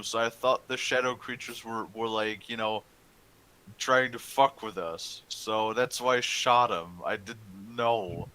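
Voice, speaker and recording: Low bright-toned defensive player. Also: male voice, fairly even intonation, unhurried, low-quality recording. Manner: defensive, profane, rambling. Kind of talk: casual gaming chat.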